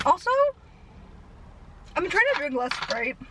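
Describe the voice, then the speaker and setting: Breathless, fast-yapping young woman. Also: high voice, very animated, bright, forceful tone, slight background noise, poor audio. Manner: breathless, fast-talking, self-deprecating. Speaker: vlogger. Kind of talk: rambling storytime chat.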